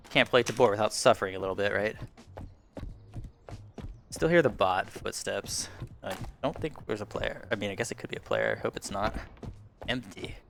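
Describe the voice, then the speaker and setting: A man with a low, gravelly voice talks through his VR shooter raids in a loose, rambling way, poking fun at himself and chuckling now and then. He speaks into a headset mic at home, with faint game sounds underneath. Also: a little hiss or hum. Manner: rambling, self-deprecating, chuckles often. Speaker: gaming YouTuber. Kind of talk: casual VR gameplay commentary. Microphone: headset boom mic.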